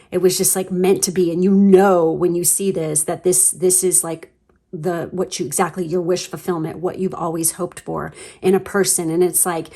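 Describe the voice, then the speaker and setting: A woman giving a casual pick-a-card tarot reading, chatty and rambling, gushing with lots of fillers and the odd swear word. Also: fairly low pitch. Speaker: tarot reader.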